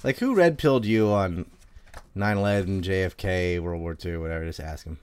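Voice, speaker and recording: Low-voiced, laughing podcast guest man. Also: darkish tone, a little hiss or hum. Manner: laughs between points, quick asides. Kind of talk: casual chat.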